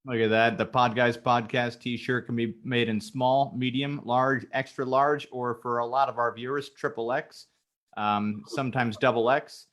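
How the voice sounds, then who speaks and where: A man's voice: mid-range voice, little pitch movement, moderate pace, a bit bright. A man co-hosting a podcast, rambling and cracking jokes with lots of fillers, on a video call. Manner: rambling, wisecracking, many fillers. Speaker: podcast co-host. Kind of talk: casual podcast banter.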